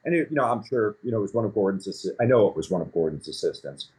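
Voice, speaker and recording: A man in his fifties, a company founder, telling stories in a casual interview, rambling and animated with many fillers. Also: on the low side, racing, husky. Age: 50s.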